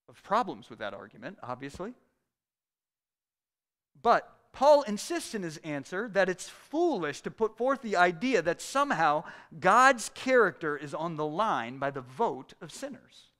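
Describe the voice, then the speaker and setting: A man's voice: high-pitched, a bit bright. A man preaching an earnest, conversational sermon, often restarting his phrases as he explains a scripture passage. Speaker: pastor.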